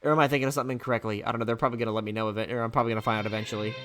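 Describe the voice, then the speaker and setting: Man, album reviewer, loose and rambling, salty language, mid-pitched everyday voice. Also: level tone, very fast, fairly bright tone, faint music behind. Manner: rambling, swears, repeats himself. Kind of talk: casual reaction commentary.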